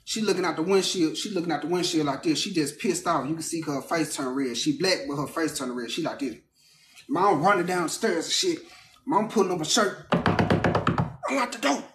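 A man casually telling a true story, animated and profane, acting out the people in it. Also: fairly high pitch, fairly quick, reverberant, background noise.

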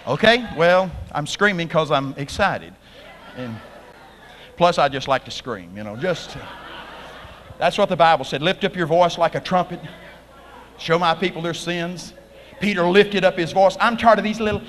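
Excitable preacher man in a big hall. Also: a little high, fairly quick, slight background noise. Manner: animated storytelling, bursts into shouting. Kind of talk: revival sermon. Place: large packed church hall. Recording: live church hall with long reverb.

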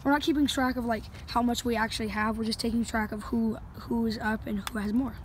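A woman's voice: a little high, steady tone, fast. A woman filming and narrating a mini golf game on a handheld phone outdoors, teasing her friend and dropping into mock-announcer asides. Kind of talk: casual joking commentary. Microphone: handheld phone camera. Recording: outdoor noise behind.

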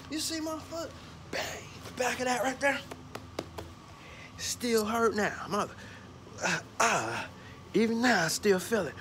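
A man from Georgia, telling a lively story outdoors about his lawn care work, often stumbling over repeated words. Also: high-pitched, normal speed, background noise. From Atlanta, Georgia. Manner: animated, stumbling repeats, acts out bits. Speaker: lawn care worker filming a vlog. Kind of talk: casual storytelling. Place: outdoors by a carport.

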